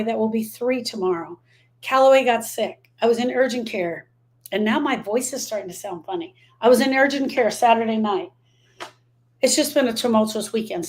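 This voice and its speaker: A middle-aged woman hosting a live stream as a grief coach, speaking emphatically, repeating her key phrases and answering viewer comments. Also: a little high.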